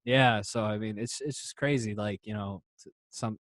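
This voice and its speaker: Male podcast host, lively casual storyteller, curses freely, dry close sound. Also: on the low side, moderate pace, no room sound. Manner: animated storyteller, swears casually. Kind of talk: casual interview chat.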